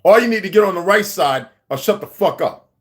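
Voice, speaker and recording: A man's voice: sits high, lively intonation, a little fast, a bit bright, soft background music. A man hosting a livestream, ranting at a viewer in an aggressive, profane, confrontational way. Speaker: livestream host. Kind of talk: angry livestream rant.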